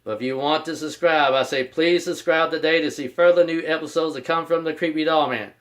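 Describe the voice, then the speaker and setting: Man with a somewhat high voice, rambling and repetitive, talking about himself in the third person as a channel host. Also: steady tone, fairly quick. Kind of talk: casual vlog announcement.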